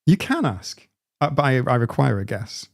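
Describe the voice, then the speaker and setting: A man in his forties hosts a casual live stream, replying to viewer comments as he goes. His voice has a gravelly fry and sits at a middling pitch. He talks in halting bursts, often restarting a sentence. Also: very animated. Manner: halting, frequent restarts and self-interruptions.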